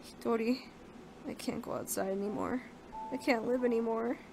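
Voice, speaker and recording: A woman voicing a hopeless young man who speaks quietly and with resignation, reading a visual novel aloud. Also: a little high, fairly even intonation, normal speed, gravelly, soft background music. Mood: sorrowful.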